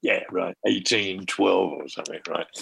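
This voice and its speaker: A man, a former band manager, telling a profane and animated backstage anecdote in casual talk. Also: low voice, normal speed, vocal fry, husky.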